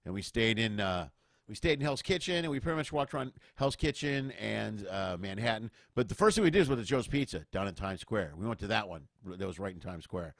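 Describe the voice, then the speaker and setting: A man's voice: on the low side, animated, fairly quick, a bit bright, no echo, clean studio sound. A middle-aged man from Chicago hosting a casual chat in an easygoing, enthusiastic way. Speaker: podcast host. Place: home, remote call.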